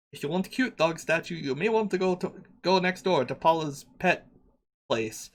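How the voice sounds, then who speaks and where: A man's voice: sits high, expressive, voice pushed up. A man voicing a short, hunched old male shopkeeper with a put-on foreign accent and broken English. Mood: welcoming. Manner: fawning salesman, broken halting English. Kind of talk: tabletop game voice acting.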